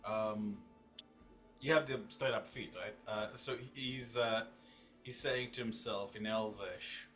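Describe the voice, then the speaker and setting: A man narrating as game master for a tabletop game, halting with many fillers. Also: lowish voice, fairly even intonation, fairly bright tone, faint music behind.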